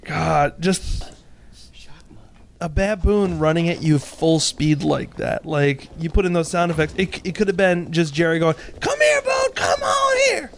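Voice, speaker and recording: A man's voice: a little high, steady tone, measured pace, gravelly, slight background noise. A man hosting a casual movie commentary, making wisecracks about the film and asking his guest questions. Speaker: commentary host.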